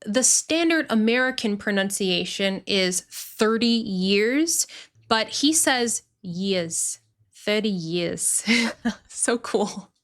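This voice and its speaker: A woman teaching English pronunciation, explaining clearly and repeating words deliberately. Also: a little high, lively intonation. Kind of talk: pronunciation lesson.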